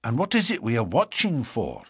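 A man reading an audiobook, voicing a gruff, impatient police inspector who talks in a blunt, grumbling way. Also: mid-range voice, wildly swooping pitch, moderate pace, a bit bright, no echo, studio quality, exaggerated voice.

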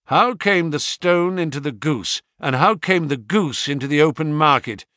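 A man reading the part of a stern, cool-headed male detective in a quiet, commanding manner. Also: on the high side, moderate pace, no echo, studio quality, voice pushed up. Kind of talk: audiobook character reading.

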